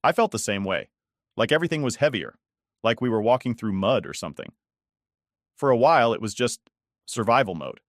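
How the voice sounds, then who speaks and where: A man giving a scripted first-person story narration in a steady, even way. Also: lowish voice, dry recording, studio quality.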